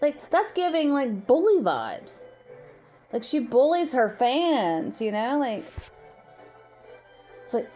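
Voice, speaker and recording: A woman's voice: high-pitched, sing-song, slow, pauses often, warm tone, soft background music. Chatty, opinionated woman vlogger. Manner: chatty, rambling, opinionated, many fillers like "like". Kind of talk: casual commentary vlog.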